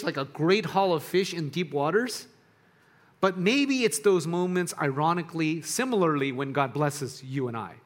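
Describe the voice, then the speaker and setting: A man preaching a sermon to students in a conversational way, often restarting his sentences and dropping softer on quiet points. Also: fairly high pitch. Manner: conversational, searching for words with restarts. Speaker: pastor.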